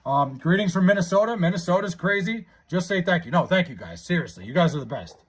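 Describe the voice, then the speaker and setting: Young man, live streamer, casual chat, high-pitched, stammering, excitable. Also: fast talker, slightly rough.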